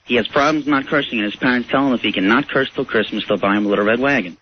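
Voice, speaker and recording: A man calling in to a radio show and telling a long joke in a relaxed, storytelling way. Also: mid-range voice, very fast, dull audio, a little hiss or hum. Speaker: radio caller.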